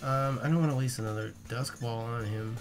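A young man hosting a casual let's play, excitable and profane, talking back to the creatures on screen. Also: medium pitch, a little fast, faint music behind. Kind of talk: casual gameplay commentary.

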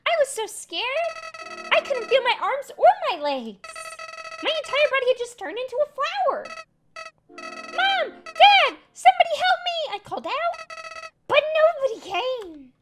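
A squeaky, sing-song little flower boy from a video game, played by a woman, with a voice pitched far above an ordinary woman's and swooping wildly up and down. His sweetness feels eerie and hollow. Game music plays clearly behind him. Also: very animated, normal speed. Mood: mournful. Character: creepy child flower spirit, boyish, eerily cheerful.

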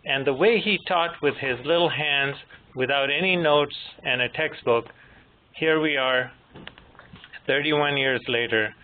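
A man in his fifties, moderator and presenter, giving a measured technical lecture with gentle humor. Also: on the high side. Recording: tinny phone-line audio with faint noise.

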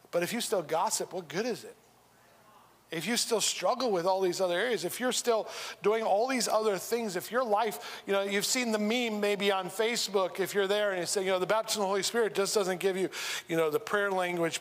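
A man's voice: sits high, a bit bright. A man preaching a sermon in a church, talking in a loose, joking way with many restarts. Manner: conversational, humorous, with frequent restarts. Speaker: pastor. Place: church sanctuary. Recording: reverberant church hall.

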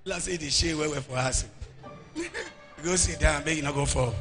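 A Nigerian man preaching a deliverance sermon in church, animated and often shouting. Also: fairly high pitch, moderate pace, over music. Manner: animated, shouting, mimics people. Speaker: pastor.

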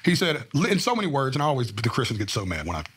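A man's voice: mid-range voice, sing-song, racing, fairly bright tone, breathy edge. A man, a podcast guest telling stories in a jokey, profane way and acting out the dialogue. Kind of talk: casual storytelling on a podcast.

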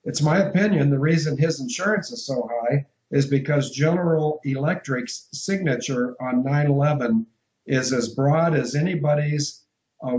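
A man's voice: on the high side, a little mellow. Man on an echoey, muffled line. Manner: discursive, emphatic, spells out letters. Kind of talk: phone-in radio interview.

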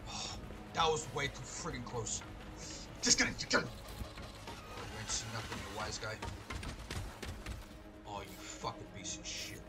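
A man commentating live on his gameplay, excitable and swearing, breaking into loud shouts and tossing out mock tough-guy mobster slang. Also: mid-range voice, moderate pace, long pauses, music in the background. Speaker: let's play host.

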